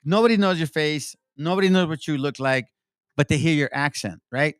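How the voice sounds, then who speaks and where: A man's voice: on the high side, fairly quick, dry recording, studio quality. A man hosting a casual discussion who tells stories with animation, acts out quotes and curses freely.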